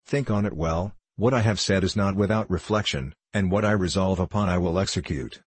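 A stern, proud old merchant father with a very low, husky voice, as a male reader puts him on. He speaks curtly, in a commanding tone. The recording is dry and close, from a storybook reading. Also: brisk, no room sound. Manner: curt and commanding.

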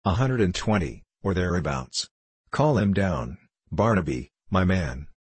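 A man with a very low, husky voice playing an earnest middle-aged locksmith who speaks cautiously and confidingly in an audiobook. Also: animated, measured pace, no room sound, full character voice. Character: earnest middle-aged male locksmith, kindly but wary.

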